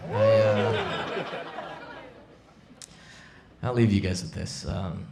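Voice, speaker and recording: A man performing a live stand-up set on a comedy club stage, wry and deadpan, speaking into a stage mic. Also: lowish voice, very slow, creaky, heavy background noise. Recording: echoey club with loud crowd.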